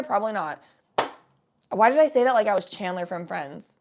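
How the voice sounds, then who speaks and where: A woman's voice: a little high, normal speed. A young woman hosting a livestream, chatting with viewers in a rambling, laid-back way and swearing freely. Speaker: livestream host. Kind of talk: casual chat.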